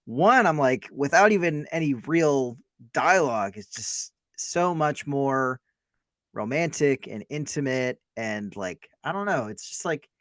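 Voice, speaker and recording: A podcast co-host with a mid-range, fairly bright voice and lively intonation chats casually about a film, a little slowly. He rambles, hedges, and is self-deprecating, and the recording is dry and studio quality.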